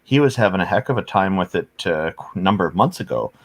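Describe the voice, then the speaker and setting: A man joining a casual stream call, cheerful and friendly, halting with fillers. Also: low-pitched, animated, husky. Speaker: regular viewer joining the call. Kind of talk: casual chat.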